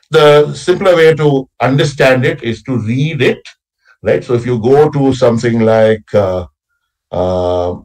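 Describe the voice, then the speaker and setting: A man with a husky, slightly rough voice gives an academic lecture on poetry, his pitch rising and falling a lot as he explains. He checks in with his listeners by tagging "right?" after each point and sounds out meter with heavy stress. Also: darkish tone, poor audio. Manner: explanatory, frequent tag "right?", recites lines with exaggerated stress. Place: college workshop session.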